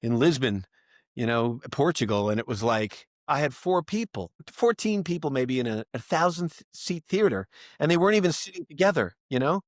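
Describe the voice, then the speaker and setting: A man's voice: medium pitch, moderate pace, no echo, clean studio sound. A man, a stand-up comic guest on a podcast, telling a long anecdote and acting out the voices of the people in it. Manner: animated, acts out voices in anecdotes. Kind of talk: casual storytelling.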